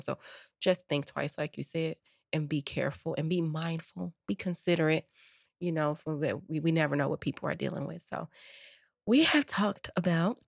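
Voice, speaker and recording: Woman podcast co-host, low voice, dry close sound, chatty storyteller. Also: gravelly, dry recording. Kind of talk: casual podcast chat.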